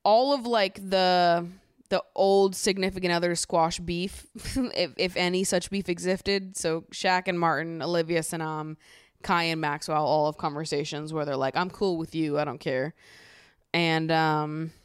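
A young woman with a fairly low, smooth voice recaps a reality show like she's gossiping with a friend. She's sarcastic and animated, swears freely, and jumps into mocking impressions of the people she's talking about. The sound is close and dry. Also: unhurried, no room sound. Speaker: podcast host.

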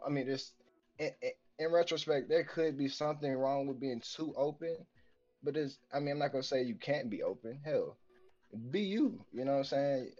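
A man's voice: mid-range voice, a little mellow, muffled recording. A man co-hosting a podcast, telling long rambling stories full of slang, profanity and fillers in casual banter. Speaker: podcast co-host.

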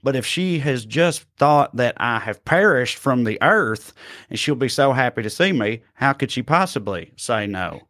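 A man's voice: mid-range voice, expressive, moderate pace, a bit bright, dry recording, clean studio sound. A man co-hosting a casual comedic news chat, rambling and playful, who drifts into joke accents. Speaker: podcast co-host.

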